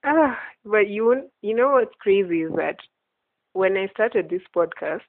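A woman hosts a faith podcast, chatting earnestly and casually and laughing often, her mid-range voice expressive at a measured pace. The line is tinny and phone-like, dry with no echo.

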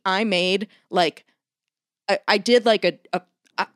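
A woman in casual chat who tells a story in an animated way, swears constantly and acts out the people she quotes. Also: medium pitch, unhurried, no room sound, studio quality.

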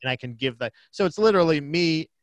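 A man's voice: on the high side, lively intonation, fast talker, dry recording. A man co-hosting a podcast from Pennsylvania, chatting casually in a loose, profane, joking way. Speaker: podcast co-host. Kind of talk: casual chat.

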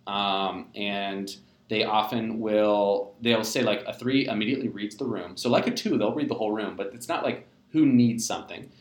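A man's voice: lowish voice, moderate pace. A young adult man from the United States, explaining personality types in a rambling, self-deprecating way with many fillers and restarts. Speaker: host of a live personality talk. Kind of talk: casual explanatory talk. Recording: roomy echo.

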